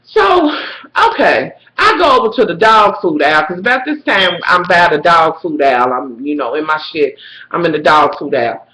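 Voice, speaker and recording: Woman, bright tone, dramatic storytelling rant, roomy echo. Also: animated, moderate pace. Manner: loud, dramatic, swings between shrill squeals and low mutters. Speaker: vlogger. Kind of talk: profane storytelling rant to camera.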